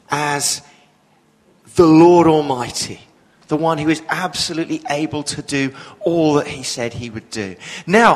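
A man's voice: on the high side, fairly bright tone, big-room sound, rough recording. A man, preaching a sermon with humorous storytelling. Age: 40s.

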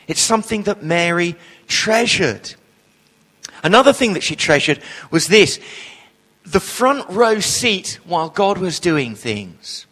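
A man, a minister, preaching a sermon with animated storytelling and humorous asides. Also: sits high, big-room sound.

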